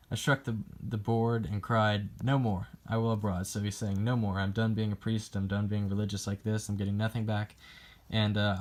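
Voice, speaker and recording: A young man giving a class presentation on a poem, hesitant and full of ums, reading quotes aloud as he explains them. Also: fairly low pitch. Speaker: student presenting a poem analysis.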